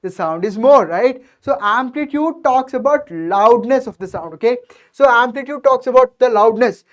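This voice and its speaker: This woman's voice sits on the high side, expressive and at a moderate pace. Teaching a science revision session, she walks through each step, addressing the students and asking if they follow almost every time she makes a point.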